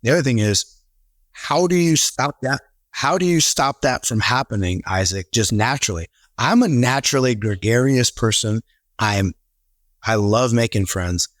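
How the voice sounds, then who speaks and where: A man in a casual podcast conversation, telling stories with animated quoted voices. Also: medium pitch, normal speed, no echo, clean studio sound. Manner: animated storyteller, acts out quotes. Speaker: real estate team leader, podcast guest.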